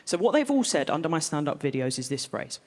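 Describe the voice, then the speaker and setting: A woman's voice: sits low, sing-song, quick pace, big-room sound. A woman doing blunt, wry observational stand-up comedy on a large theatre stage. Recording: live theatre with loud audience.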